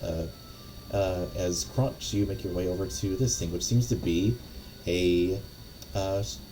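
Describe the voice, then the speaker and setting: A man's voice: sits low, steady tone, measured pace, dark tone, a little hiss or hum, low-quality recording. A man narrating as game master of a tabletop game, rambling with lots of fillers and restarts.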